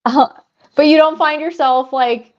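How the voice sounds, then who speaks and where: Young woman, chatty storyteller, lots of fillers, fairly high voice, dull lo-fi audio. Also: fairly even intonation, measured pace. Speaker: podcast co-host. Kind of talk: casual chat.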